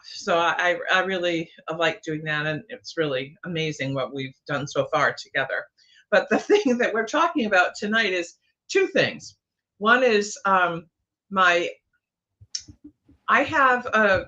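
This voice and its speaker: A woman appears as a guest psychic and tells a personal ghost story. She meanders, with frequent fillers and restarts, and her voice sounds bright and clear-toned. The stream audio is slightly dull and lo-fi. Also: lowish voice. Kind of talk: casual storytelling on a livestream.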